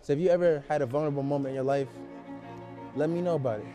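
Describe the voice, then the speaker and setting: A man's voice: fairly high pitch, very fast, over music. A man talking casually to the camera in a mock-sincere, joking way. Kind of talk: casual vlog talk to camera.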